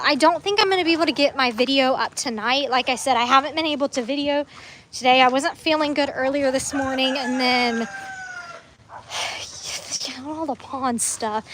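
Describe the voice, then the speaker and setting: A young woman with a high voice chats on a livestream as she walks her farm on a phone. She rambles and breaks off now and then to talk to her animals. Chickens and a rooster cluck faintly in the background. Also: a bit bright, slight background noise. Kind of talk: casual livestream chat. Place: outdoors on a farm among animals.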